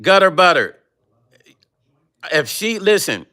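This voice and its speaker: A man's voice: high voice, very animated, slow, pushed and bright. A man hosting his own livestream, ranting confrontationally and profanely at a rival, reading chat comments aloud. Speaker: vlog host reading live chat. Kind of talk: heated livestream rant.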